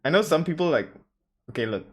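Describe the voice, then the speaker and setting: A man who speaks English as a second language, hosting a relaxed, slangy chat. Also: fairly high pitch, quick pace. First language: not English. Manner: laid-back, slangy, says yo and damn. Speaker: host. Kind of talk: casual chat.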